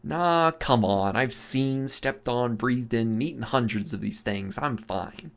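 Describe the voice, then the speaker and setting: A man's voice: mid-range voice, measured pace, natural voice. A man voicing Emil, a confident, easygoing young man who talks in a soothing, coaxing way. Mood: reassuring. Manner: coaxing, reassuring.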